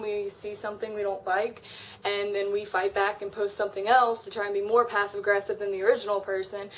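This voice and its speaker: A woman's voice: mid-range voice, a little hiss or hum, low-quality recording. Young woman ranting frankly to camera. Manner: frank, swearing, animated rant. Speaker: vlogger. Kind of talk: casual vlog, reading own posts aloud.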